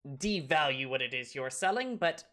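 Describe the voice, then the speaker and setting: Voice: mid-range voice, expressive, moderate pace, fairly bright tone, close to an everyday voice. A game master voicing a polite, eager little gnome craftsman who hesitates and talks in a fussy, courteous way. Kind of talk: voicing characters in a tabletop game.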